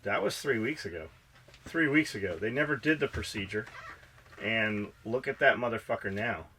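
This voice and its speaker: A podcast co-host with a low-leaning voice talks at a moderate pace, his tone bright and forceful over slight background noise. He spins stories in a blunt, fired-up, profane style during casual conversation.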